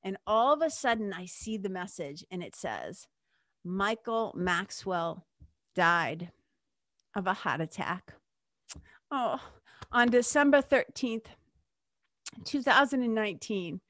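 A woman's voice: medium pitch, animated, slow pace, pauses often, fairly bright tone, no room sound, clean studio sound. A woman hosting a show, telling a personal story in a chatty, emphatic way and speaking straight to her listeners. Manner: chatty and emphatic, many fillers like "like" and "you know"; addresses listeners directly. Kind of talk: casual personal storytelling monologue.

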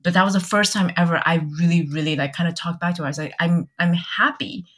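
Young woman, low-pitched, podcast guest; candid and halting storytelling with lots of quoted dialogue. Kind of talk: personal storytelling in casual chat.

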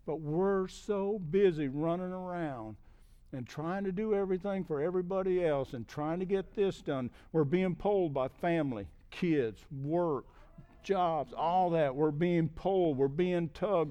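A middle-aged man preaching a conversational sermon as a guest speaker, often checking in with "okay?" and building to emphatic, loud peaks. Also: on the high side, dull audio. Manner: repeats "okay?" to check in with listeners.

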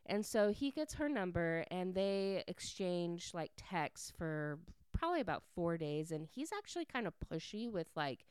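A woman chatting through a plot recap in a relaxed, filler-heavy way. Her voice sits a little low and sounds exceptionally smooth and clean. The sound is close and dry, with no room around it. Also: moderate pace, dry recording.

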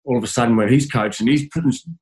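A man's voice: mid-range voice, racing, a little mellow, poor audio. An Australian man, a former footballer, telling stories in a casual interview, stumbling over restarts and laughing as he goes.

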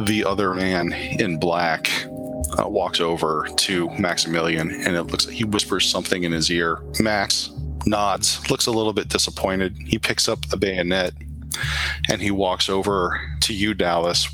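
A deep-voiced man running a tabletop role-playing game, narrating in a loose, rambling way with fillers. Music plays clearly underneath. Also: steady tone, measured pace, bright, forceful tone, poor audio. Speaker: game master. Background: background music.

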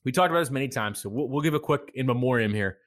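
A man's voice: mid-range voice, lively intonation, very fast. A man co-hosting a casual sports podcast, chatty and joking. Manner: chatty, joking, laughs often. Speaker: podcast co-host.

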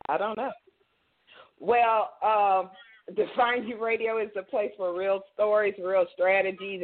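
A woman with a Southern American accent, hosting an online radio show in a chatty, upbeat way. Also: mid-range voice. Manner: chatty, laughs off technical trouble. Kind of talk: casual call-in radio hosting. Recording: tinny phone line with faint hiss.

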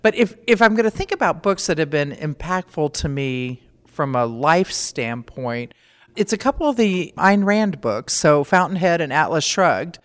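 A woman's voice: low voice, expressive, normal speed. Plainspoken middle-aged woman, reverberant. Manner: plainspoken, practical, matter-of-fact. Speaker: veterinarian guest. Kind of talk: conversational interview answers. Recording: long reverb.

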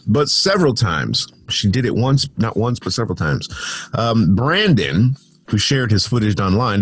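Male host, home-studio news riff, husky, animated delivery, sarcastic. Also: on the low side. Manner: sarcastic, rambling asides, laughs at stories. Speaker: podcast host reading news. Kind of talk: casual news commentary.

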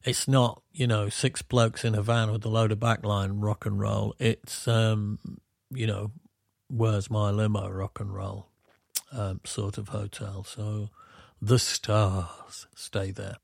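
Middle-aged Yorkshire man, podcast co-host, slightly low and gravelly, wanders through anecdotes with self-mockery. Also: flat delivery, slow, no echo, clean studio sound. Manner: rambling, self-deprecating storyteller. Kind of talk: casual chat.

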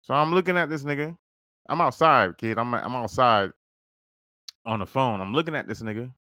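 This podcast host has a mid-range, bright, forceful voice and speaks at normal speed. He tells a story casually and with plenty of profanity, acting out the quoted dialogue, in studio-quality audio with no room sound.

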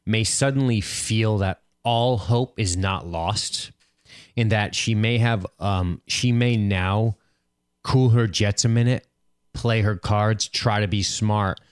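A man's voice: on the low side, a little slow, smooth, dry recording, studio quality. A man co-hosting a podcast, chatting casually and joking around. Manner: joking, animated, does silly voices. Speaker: podcast co-host. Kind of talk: casual chat.

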